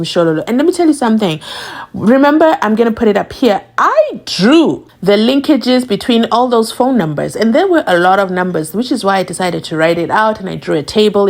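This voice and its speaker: A woman hosting a commentary channel, reacting emphatically and quickly to viewer comments in casual talk. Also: mid-range voice. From South Africa. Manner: animated, emphatic, talks fast.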